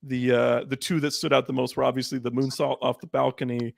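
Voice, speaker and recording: Casual podcast co-host, male, gravelly mid-pitched voice, quick recapper. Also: flat delivery, no room sound. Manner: recaps matches in quick run-downs, laughs often. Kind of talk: casual wrestling podcast chat.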